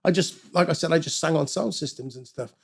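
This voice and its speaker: Middle-aged man, high gravelly voice, lively storyteller who swears and does the voices. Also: quick pace. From Wales. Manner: animated, swears freely, acts out quoted voices. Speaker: guest musician. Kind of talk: casual storytelling interview.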